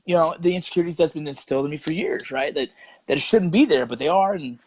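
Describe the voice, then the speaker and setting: Middle-aged male guest, relaxed and profane, filler-heavy talk, slightly higher pitch, dry close mic. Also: fast, no echo, low-quality recording. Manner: laid-back, swears, says "you know" and "right" a lot, acts out quotes. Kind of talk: casual interview chat.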